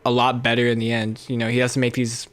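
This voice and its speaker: A young man co-hosting a podcast, talking sports in a measured way with many fillers and hedges. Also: mid-range voice, monotone, a bit bright, no echo. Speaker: podcast co-host. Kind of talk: casual sports chat.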